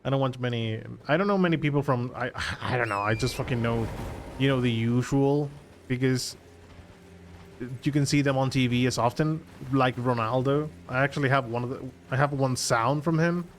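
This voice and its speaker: Chatting with viewers during a game stream, this man rambles self-consciously in a casual live-stream style. His first language is Spanish; his voice is medium-pitched at a moderate pace, with slight background noise.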